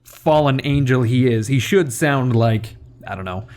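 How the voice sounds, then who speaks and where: A man's voice: medium pitch, measured pace, darkish tone. Rambling, joking young man. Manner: rambling, joking, self-deprecating. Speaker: gaming video host. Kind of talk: casual game commentary.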